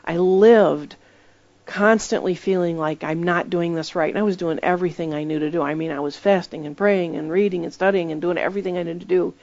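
A woman's voice: fairly low pitch, fairly even intonation, brisk, a little mellow, highs cut off. A woman preaching in a conversational sermon style, telling stories emphatically and acting out the voices she quotes.

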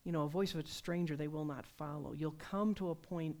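A woman preaching a sermon, telling personal stories in a conversational, animated way. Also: low voice, a little fast. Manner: conversational, animated storytelling with laughs.

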